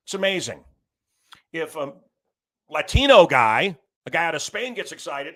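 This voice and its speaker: A man's voice: a little high, big pitch swings, normal speed, pauses often, pushed and bright. A middle-aged man hosting a show, delivering a blunt, combative political monologue with crude language. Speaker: show host.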